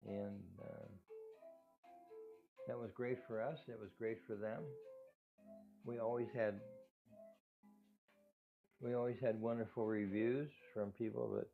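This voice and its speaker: An older man who runs a cat rescue talks casually and rambles, with restarts and soft laughs. His words whistle because he is not wearing his dentures. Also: fairly low pitch, level tone, unhurried, vocal fry, pauses often. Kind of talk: casual talk to camera. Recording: tinny phone-like sound with faint music.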